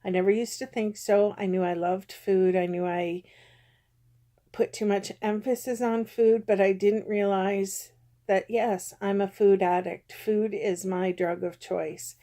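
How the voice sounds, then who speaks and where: A woman in her fifties talks openly to her camera in a personal vlog. Her voice is mellow and warm, and her speech is halting, full of pauses and ums. She sounds emotional, close to tears at times. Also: medium pitch, steady tone. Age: 50s. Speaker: vlogger.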